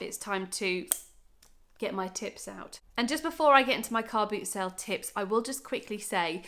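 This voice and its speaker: Her medium-pitched voice sounds pushed and bright as this thirtysomething vlogger from Norfolk talks to camera. The chat is casual and bubbly, full of "right" and "um".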